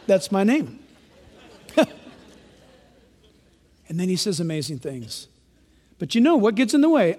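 A male pastor preaching a lively sermon, joking and acting out quotes for his congregation. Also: sits high, moderate pace, long pauses, in a large hall. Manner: animated, joking, acts out quotes. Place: large church.

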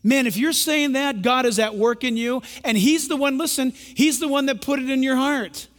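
A man's voice: very high voice, normal speed, a bit bright. A man preaching a sermon as pastor, emphatic and speaking straight to his congregation. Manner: emphatic, addresses the congregation directly. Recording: long hall reverb.

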